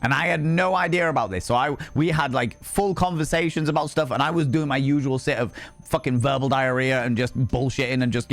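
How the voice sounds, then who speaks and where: Man, live-stream chat, rambling, sweary, medium pitch, faint music behind. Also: fairly quick. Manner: swears freely, rambling and animated.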